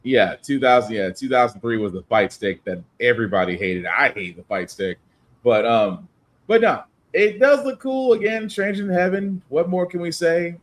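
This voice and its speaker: A man's voice: mid-range voice, expressive, moderate pace. A man hosting a casual podcast chat, leading the talk and handing topics to his co-hosts. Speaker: podcast host.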